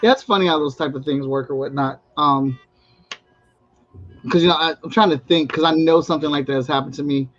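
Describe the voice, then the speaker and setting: A man chats as a guest, in a relaxed, rambling way and laughing easily. His voice sits fairly high. The recording is dry and dull. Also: a little fast, dry recording, soft background music. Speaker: guest, comic creator. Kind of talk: casual online chat.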